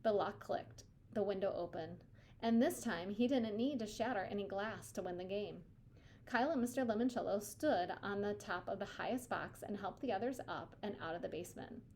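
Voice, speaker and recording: A woman reading a children's novel aloud with an expressive, steady delivery. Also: mid-range voice, normal speed, a little hiss or hum. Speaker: reader.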